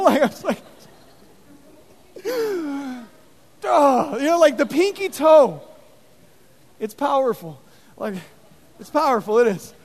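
A man with a strikingly high voice preaches a sermon, animated and chatty, full of fillers as he tells his stories. His words carry a long, ringing reverb, as in a big hall. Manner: animated, conversational storytelling with many fillers. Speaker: pastor.

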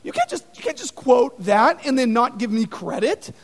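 A man's voice: very high voice, wildly swooping pitch, normal speed, exaggerated voice. A man voicing an offended toy space ranger who complains in a whiny, exasperated way. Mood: indignant. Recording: long reverb in a hall.

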